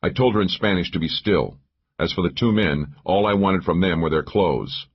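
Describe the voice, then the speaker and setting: Man, audiobook narrator, first-person thriller, steady, measured, dull lo-fi sound. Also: sits low, husky.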